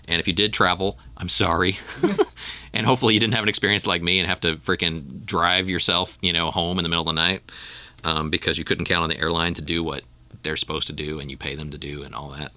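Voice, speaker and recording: A man's voice: deep voice, fairly even intonation, fast talker, bright, forceful tone, no echo. A man hosting a podcast in casual chat, rambling with frequent ums and restarts. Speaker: podcast host.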